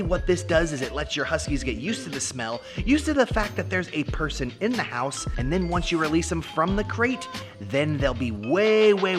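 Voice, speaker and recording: A man hosting an energetic, jokey dog-training video in a casual tutorial style. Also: on the high side. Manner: animated, jokey, puts on goofy voices for the dogs.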